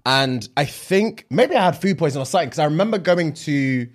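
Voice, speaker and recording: A young man in casual chat, relaxed, laughing along and adding quick remarks. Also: on the high side.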